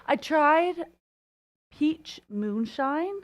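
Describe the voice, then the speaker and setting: A woman's voice: high-pitched, lively intonation, drawn-out words. A young woman chatting casually on a podcast, telling a story in a laid-back way. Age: young adult.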